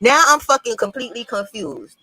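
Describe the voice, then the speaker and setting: A woman giving reaction commentary with a high voice. She talks bluntly and mockingly, swearing often. The recording is dry and close. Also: big pitch swings, fairly quick, pushed and bright, husky, no echo, soft background music, poor audio. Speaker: commentary host.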